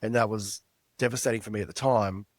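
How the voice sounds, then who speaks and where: A man's voice: on the low side, steady tone, fast, dry recording. A middle-aged man, a podcast guest telling a personal story in an earnest, reflective way. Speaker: guest author. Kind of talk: storytelling interview.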